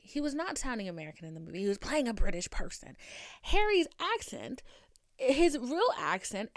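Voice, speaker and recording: Podcast host, woman, light Boston accent; animated, rambling and profane, with a smooth, clean voice. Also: a little high, no echo, studio quality. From Boston area, US. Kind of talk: casual chat.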